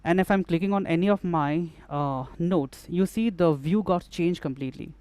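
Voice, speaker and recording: A man's voice: fairly high pitch, moderate pace, a little mellow, smooth, no room sound. A man demonstrating music production gear in a tutorial, explaining step by step and often repeating phrases as he works. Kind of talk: hands-on software tutorial.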